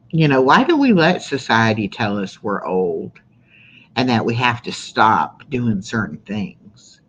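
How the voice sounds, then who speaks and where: A woman's voice: very deep voice, highs cut off, slight background noise. A woman in her sixties, hosting a casual live-stream chat, talking in a rambling way with lots of "you know" and "um". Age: 60s. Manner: chatty, rambling with many fillers. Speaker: livestream host.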